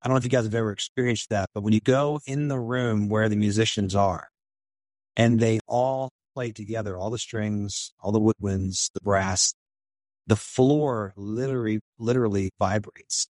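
A man's voice: on the low side, moderate pace, a little mellow, no room sound. A man in an interview telling a story with enthusiasm, acting out quotes in a raised voice. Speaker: film director and writer.

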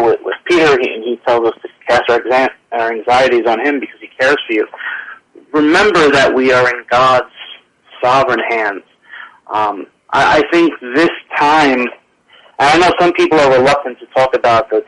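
A man's voice: mid-range voice, fairly bright tone. A man as a guest on a radio interview, speaking earnestly with many fillers and restarts. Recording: tinny phone line.

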